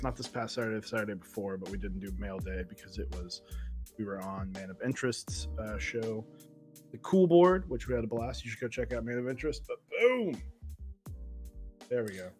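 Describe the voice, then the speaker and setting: A man's voice: medium pitch, fairly bright tone. A man co-hosting a casual talk show, chatting loosely with lots of fillers. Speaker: co-host. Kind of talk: casual chat.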